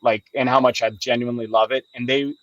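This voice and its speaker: A man's voice: mid-range voice, level tone, fast, a bit bright, dry recording, dull audio. Chatty man telling a story. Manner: chatty storyteller, laughs often. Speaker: livestream host. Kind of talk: casual chat.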